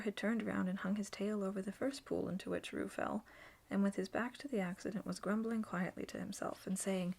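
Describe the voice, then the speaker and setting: A woman reading a children's story aloud in soft, slow whispered role-play. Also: medium pitch, fairly even intonation, creaky.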